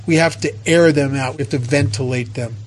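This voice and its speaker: A man voicing God as a calm, fatherly male deity who makes offers in a folksy, coaxing way and keeps asking permission. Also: medium pitch, fairly quick, a little hiss or hum, voice pushed down, lightly acted.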